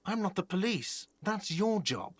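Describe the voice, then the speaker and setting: Sarcastic game innkeeper, curt, dry sound. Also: male voice, high-pitched, big pitch swings, unhurried, husky, no room sound, heavily acted. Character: irritable, sarcastic male hostel manager. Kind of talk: game voice acting.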